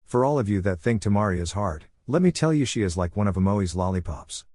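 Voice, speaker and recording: A man's voice: on the low side, lively intonation, quick pace, a little mellow, dry recording, studio quality. A man voicing a confident young groom reading his wedding vows in a plain storybook manner. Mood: affectionate.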